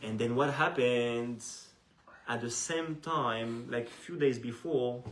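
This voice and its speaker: Animated male rabbi telling a story. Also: medium pitch, takes it slowly, slight background noise. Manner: animated, repetitive, with frequent restarts. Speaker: rabbi teaching a class. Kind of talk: storytelling lesson. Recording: echoey room.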